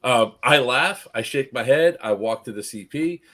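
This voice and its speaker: A man recounting an airsoft-style event to friends in casual chat, laughing often and acting out what the players yelled. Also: medium pitch, lively intonation, moderate pace. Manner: laughing storyteller, acts out players' lines. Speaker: event organizer recapping a game. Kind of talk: casual group chat recap.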